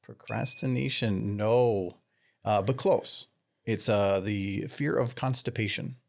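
A man's voice: on the low side, slow, gravelly. A young man hosting a podcast trivia segment, rambling with lots of fillers and laughs. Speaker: podcast host running trivia. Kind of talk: casual group chat.

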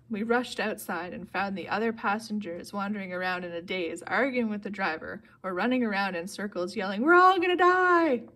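The speaker is a woman reading a novel aloud as an audiobook reader. She holds a steady delivery and lifts into louder, higher tones for the characters' dialogue.

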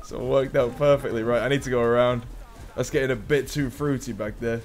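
A young man, a gaming YouTuber, chatting casually through gameplay with quick surprised exclamations. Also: medium pitch, fairly even intonation. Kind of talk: live gameplay commentary.

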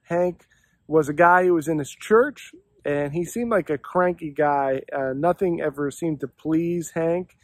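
Male pastor, earnest and reflective devotional teacher, slightly high voice. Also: a little slow, no room sound. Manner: earnest, reflective, posing questions to listeners.

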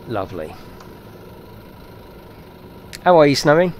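A man giving excitable, chatty live commentary while streaming a game and talking to his viewers. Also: fairly high pitch, slow pace, a little hiss or hum.

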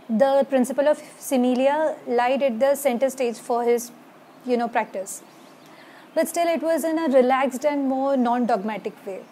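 A woman with an Indian accent gives an informal lecture with a fairly high, mellow voice. She talks haltingly, filling gaps with "uh" and "you know". A faint hiss sits under the recording. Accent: Indian English. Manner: hesitant, many fillers, switches between English and Hindi. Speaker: homeopathy lecturer. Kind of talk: casual online lecture.

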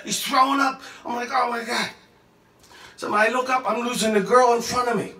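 Excitable, cursing man in an echoey room. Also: very high-pitched, brisk. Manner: excitable, profane, jumps around mid-sentence. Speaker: storyteller. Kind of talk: casual rambling anecdote. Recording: echoey room, mic at a distance.

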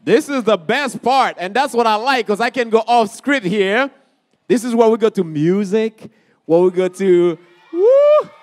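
A man from Haiti, emceeing a community college event with lively, crowd-rousing energy. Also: high voice, moderate pace. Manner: energetic, hypes up the crowd, calls out questions.

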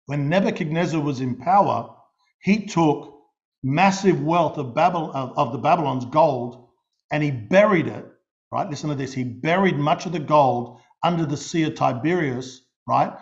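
A middle-aged Australian man preaching a sermon, telling stories in an animated way and often restarting and repeating his words. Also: a little high, normal speed. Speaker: pastor. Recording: dull lo-fi recording.

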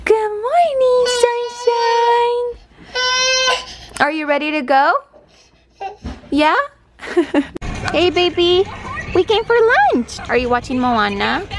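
A woman's voice: sits high, moderate pace, pauses often. A young woman chatting casually to the camera in a family vlog, bubbly and talkative, often cooing in baby talk to her little daughter. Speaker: vlogger mother. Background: loud background music.

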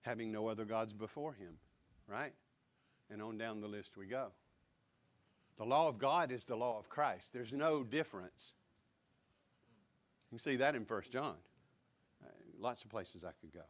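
A man's voice: fairly low pitch, normal speed, pauses often. A man preaching a sermon as pastor, emphatic, repeating key words and putting direct questions to the congregation. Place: church sanctuary.

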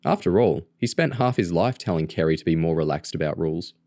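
A man reading a novel aloud in a steady, plain storytelling manner. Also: low voice, a little fast, no room sound. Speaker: audiobook reader. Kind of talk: reading a novel aloud, doing character voices.

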